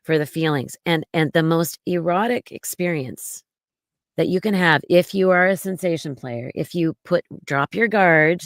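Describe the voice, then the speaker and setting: A woman being interviewed as a guest on a podcast, talking casually in a slow, gentle, reassuring way with plenty of fillers. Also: lowish voice, no room sound, studio quality. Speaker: podcast guest, mommy domme.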